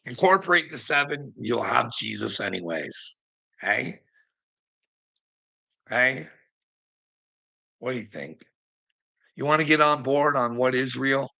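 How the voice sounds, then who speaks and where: A man's voice: medium pitch, lively intonation, slow, creaky, pauses often, pushed and bright, rough recording. A man ranting in a rambling monologue to his viewers, chuckling often, swearing freely and needling people by name. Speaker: streamer talking to chat.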